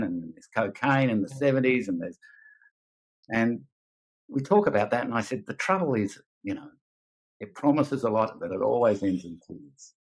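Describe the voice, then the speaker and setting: An older man with an Australian accent, a guest musician speaking in a halting, reflective way. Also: medium pitch, poor audio. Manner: halting, reflective, with many fillers and restarts. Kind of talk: candid conversation.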